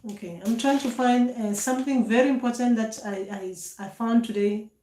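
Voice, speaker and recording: A woman's voice: a little high, normal speed, warm tone. A woman hosting a casual spiritual talk, rambling and restarting her sentences with many fillers as she searches for her notes. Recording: echoey room with faint noise.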